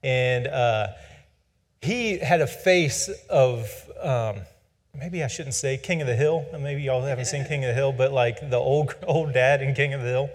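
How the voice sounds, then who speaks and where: A man in his forties tells a personal story in a casual, rambling way. He pokes fun at himself in an average-pitched voice. His voice trails off into a long reverb. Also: a little slow. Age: 40s. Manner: rambling, self-deprecating, humorous.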